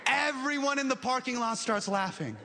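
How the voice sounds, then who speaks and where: A man doing animated stand-up storytelling on a live stage, acting out the people in his story. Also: extremely high pitch, moderate pace. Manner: animated, acts out characters. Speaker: stand-up comedian. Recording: loud live crowd and noise.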